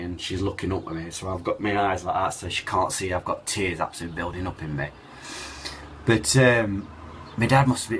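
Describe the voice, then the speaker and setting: Deep-voiced man recounting. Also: fairly bright tone, slight background noise. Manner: halting and emotional, many fillers and restarts. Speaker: cancer survivor telling his story. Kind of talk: personal storytelling to camera.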